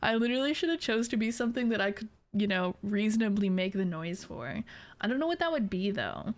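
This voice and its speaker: A woman's voice: mid-range voice, very animated, fairly quick. A woman in her late twenties, a streamer chatting casually with her chat, giggly and swearing freely. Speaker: VTuber streamer.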